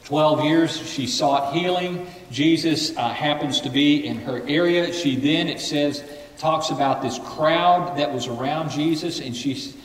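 A male pastor delivers a sermon and leads his congregation in call-and-response. His voice sits fairly high. He is picked up from a distance, with a long hall reverb and faint room noise behind him. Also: a little slow. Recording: echoey hall from afar.

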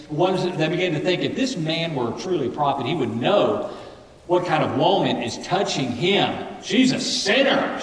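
A man's voice: a little high, distant mic, a little hiss or hum. A man preaching a sermon, who calls on the congregation to repeat phrases back to him. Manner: leads call-and-response with the congregation. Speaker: pastor. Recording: echoey hall from afar.

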